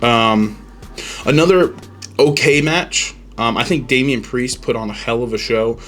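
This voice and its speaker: A man's voice: medium pitch, a little slow, fairly bright tone, soft background music. A man hosting a podcast, giving rambling, opinionated reactions in casual chat, full of ums and restarts. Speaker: podcast host.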